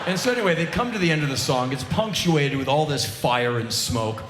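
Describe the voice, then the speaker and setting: A man in his forties giving an animated live spoken word monologue on a theater stage, with sudden loud outbursts. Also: on the high side, quick pace, few pauses, heavy background noise. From United States. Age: 40s. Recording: roomy live theater sound.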